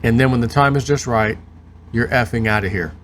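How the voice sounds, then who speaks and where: A man's voice: medium pitch, brisk, fairly bright tone, a little hiss or hum. A man hosting his show, reading news aloud and breaking off into sarcastic commentary. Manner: reads aloud, then adds sarcastic asides. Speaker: host.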